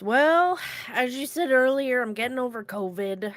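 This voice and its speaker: A woman's voice: high-pitched, lively intonation, moderate pace. A woman co-hosting a casual podcast, telling a story with lots of animation and casual swearing, her voice congested from illness. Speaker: co-host.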